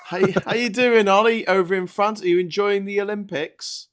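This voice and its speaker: Male host, slightly high voice, loose rambling chat-show patter with the odd swear. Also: fairly even intonation, moderate pace, fairly bright tone, clean tone. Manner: chatty, rambling, swears and laughs. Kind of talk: casual political chat show.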